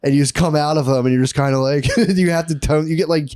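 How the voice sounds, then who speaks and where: A man's voice: steady tone, quick pace, a little mellow, dry recording. Laughing man riffing in dry close sound. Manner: laughs often, jumps into high exaggerated voices for quoted people. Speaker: podcast co-host. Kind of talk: casual comedic chat.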